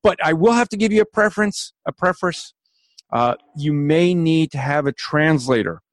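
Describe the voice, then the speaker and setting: A man's voice: a little high, lively intonation, moderate pace, no room sound. A man hosting a casual chat, teasing his guest and laughing often. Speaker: host.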